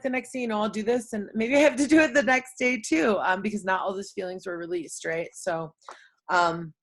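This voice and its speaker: A chatty woman in her thirties talks loosely to her viewers, her voice sitting in a middle pitch. She rambles with plenty of fillers and keeps checking in with tag questions. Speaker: host. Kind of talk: casual talk to camera.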